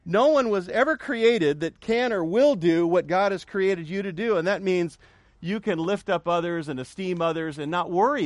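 A middle-aged male pastor with a high-pitched voice preaches a sermon at normal speed in a dry recording. He uses emphatic repetition, makes joking asides, and trades call-and-response with his congregation.

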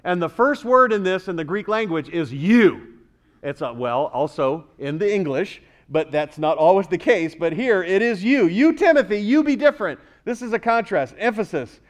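A man, a pastor, preaching a sermon, rising louder on key words and questioning the congregation. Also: sits high, animated, normal speed, hardly any pauses.

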